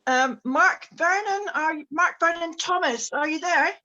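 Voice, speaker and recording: A woman's voice: very high voice, a little slow, bright, forceful tone, lo-fi sound. A woman hosting an online book launch on a video call, introducing each reader with chatty remarks and frequent ums.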